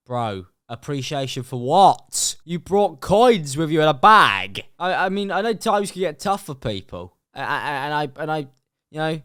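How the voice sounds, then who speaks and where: A man's voice: fairly high pitch, sing-song, unhurried, fairly bright tone. A man doing a reaction commentary, ranting in a sarcastic, exaggerated way. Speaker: YouTube commentator.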